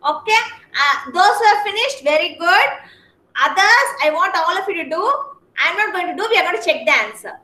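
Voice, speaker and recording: A woman with an Indian English accent teaches small children over a video call. Her voice is very high and bright. She speaks slowly and patiently, spelling words out letter by letter, and the sound is echoey on the call. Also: lively intonation. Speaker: kindergarten teacher. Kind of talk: online class instruction.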